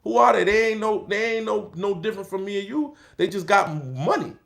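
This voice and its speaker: Middle-aged man, high gravelly voice, loose and animated street talk. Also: a little fast. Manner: street slang, animated, acts out quoted voices. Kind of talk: casual storytelling talk.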